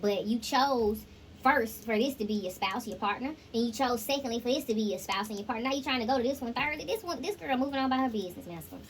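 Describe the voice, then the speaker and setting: A woman's voice: on the high side, animated, quick pace, slight background noise, rough recording. A woman giving a casual tarot reading, talking straight to viewers and breaking into song snippets. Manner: chatty, sings snippets, addresses viewers directly. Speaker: tarot reader.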